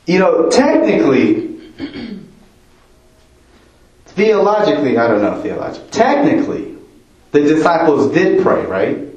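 In a church hall with a roomy echo, a male preacher gives a sermon in an easy, conversational way, repeatedly asking his congregation questions. His voice sits on the high side, sing-song and a little mellow, and he speaks unhurriedly. The recording is muffled.

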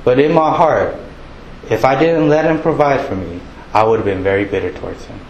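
A man preaching a sermon in a relaxed, conversational way, acting out townsfolk with a raised voice. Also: medium pitch, a little fast, roomy sound, muffled recording, a crowd in the background. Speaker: pastor.

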